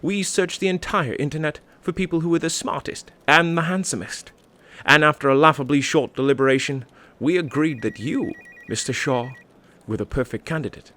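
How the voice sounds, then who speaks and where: A man playing a polite, smooth-talking English phone scammer in a comedy sketch, formal and unflappable, with an English accent. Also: on the high side, normal speed, fairly bright tone, close to an everyday voice. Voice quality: velvet smooth, courteous.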